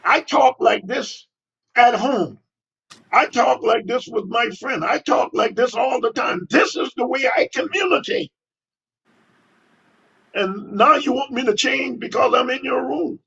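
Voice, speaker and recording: A man's voice: very high-pitched, animated, unhurried, creaky, fairly bright tone, breathy edge, recorded from a distance, highs cut off, pitched above the performer's own voice, heavily acted. A man doing a defiant schoolboy voice. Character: defiant young schoolboy, blunt and stubborn.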